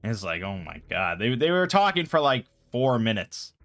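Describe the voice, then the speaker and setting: A man's voice: mid-range voice, sing-song, normal speed, a bit bright, soft background music. A man hosting a casual chat show, retelling a game session in a rambling, exasperated way. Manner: rambling, exasperated storytelling with many fillers. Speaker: podcast host.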